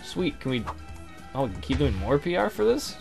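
A man's voice: medium pitch, sing-song, brisk, creaky, over music. A man giving casual, joking and crude commentary while playing a game. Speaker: let's play host.

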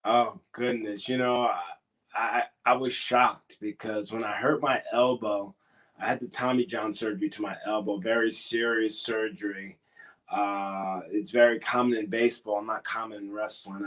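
A man's voice: fairly low pitch, fairly bright tone. A man wrestler recalling things hesitantly in an interview. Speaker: wrestler guest. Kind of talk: casual interview talk.

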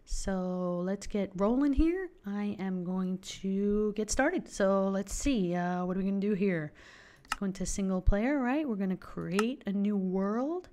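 Young female gamer, excitable, gasps, chatty commentary, mid-pitched voice. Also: a little slow, slight background noise. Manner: gushing, gasping with excitement. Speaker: let's play gamer. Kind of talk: casual game commentary.

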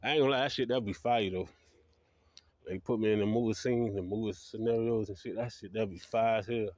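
A man's voice: mid-range voice, a little mellow, no room sound. A man telling his dream stories in a rambling, profane monologue, laughing at his own tales. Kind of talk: casual storytelling monologue.

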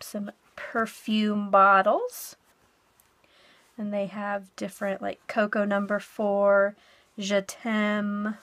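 A medium-pitched, fairly bright voice with no echo belongs to a craft vlogger who seems middle-aged. She chats casually to viewers as she shows and describes what she bought in a haul and flip-through.

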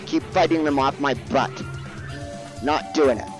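A man giving casual let's-play commentary, grumbling and yelping high when cornered. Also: unhurried, music in the background. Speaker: gaming video creator.

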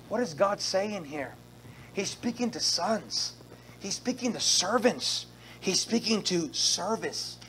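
A man's voice: high voice, lively intonation, slow pace, bright, forceful tone, a little hiss or hum. A male pastor preaching a sermon at a church service, repeating phrases and calling out to the congregation for responses.

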